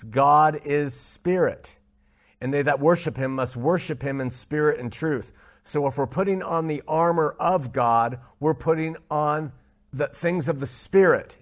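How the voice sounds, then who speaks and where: A man teaching from scripture in an even, mid-pitched voice. He is emphatic, repeats his key points, and slows down to lean on each quoted verse. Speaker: Bible teacher. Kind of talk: Bible study teaching.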